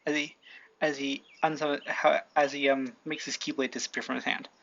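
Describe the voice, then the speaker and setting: A woman telling a rambling fan-fiction story from home into a computer mic, halting and restarting often. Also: very deep voice, little pitch movement, fairly bright tone. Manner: halting, full of restarts and fillers. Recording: lo-fi, faint hiss.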